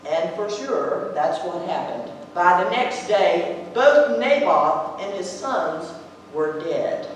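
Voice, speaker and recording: A woman playing a scheming, scornful ancient queen in a church stage monologue, telling it theatrically with lively acted-out quotes. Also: fairly low pitch, slow pace, a little hiss or hum. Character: scheming, scornful ancient queen, contemptuous of her weak husband. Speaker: actor in a church drama. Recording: echoey hall from far off.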